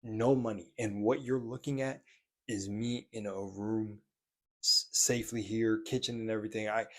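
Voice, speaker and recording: A young man with a somewhat low voice and a slight lisp talks straight to camera in a casual vlog. He is earnest and candid, swears now and then, and often restarts his sentences. He is speaking from a room in his own apartment. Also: steady tone, normal speed, fairly bright tone. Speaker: spiritual vlogger.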